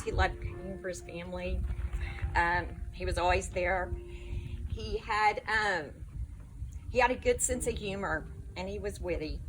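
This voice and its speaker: A woman's voice: mid-range voice, noisy background. A middle-aged woman giving a eulogy for her father-in-law, fondly reminiscing with laughs between memories. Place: memorial service.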